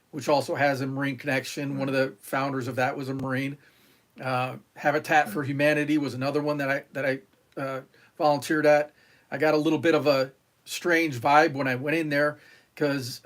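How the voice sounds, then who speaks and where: A middle-aged man from New York, a retired Marine, telling stories on a podcast in a rambling way, with many fillers and restarts, and acting out the lines of others. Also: medium pitch. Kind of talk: casual interview storytelling.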